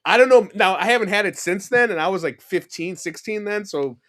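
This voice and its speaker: Rambling, animated New York guy, slightly high voice. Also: a little fast. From New York City. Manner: rambling, animated storyteller with lots of fillers and restarts. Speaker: podcast guest. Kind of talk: casual chat.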